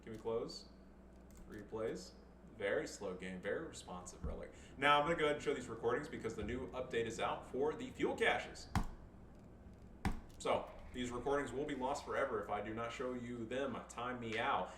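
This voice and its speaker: A man's voice: mid-range voice, lively intonation, brisk, fairly bright tone, far from the mic. A man commentating replays of his own strategy game matches in a loose, crude, joking way, with frequent swearing. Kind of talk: casual gameplay commentary. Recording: echoey room, voice off-mic, faint background noise.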